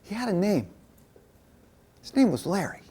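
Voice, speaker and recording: Speaking to a men's group, a ministry speaker delivers a conversational sermon built on personal stories, acting out the dialogue. His voice sits high and sounds mellow and husky, very animated, at a normal speed.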